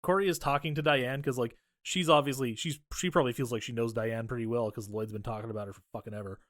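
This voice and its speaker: A man in the middle of his range, talking through a movie plot in a loose, profane podcast chat. He keeps slipping into quick quoted lines from the characters. The sound is dry and close, with no room around it. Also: medium pitch, dry recording. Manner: profane, animated retelling with quoted voices. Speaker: podcast co-host. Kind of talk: casual movie-recap chat.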